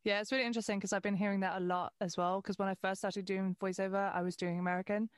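A woman's voice: mid-range voice, flat delivery, fast talker, clean tone, dry recording, clean studio sound. A woman host with a British accent asking questions in a casual, enthusiastic interview chat. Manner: enthusiastic, casual, swears lightly. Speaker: podcast host.

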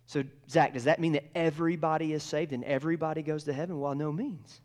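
A male pastor preaching a storytelling sermon, swinging from loud, excited passages down to hushed whispers. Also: a little high, fast talker, few pauses.

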